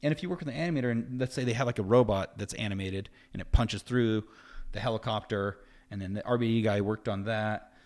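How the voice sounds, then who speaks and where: A man hosting a live stream, talking casually in an animated, rambling way, his voice jumping up whenever he quotes someone. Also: fairly low pitch, fast. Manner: animated and rambling, voice jumps up when quoting others. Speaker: host of a live effects-art stream. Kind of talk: casual livestream talk.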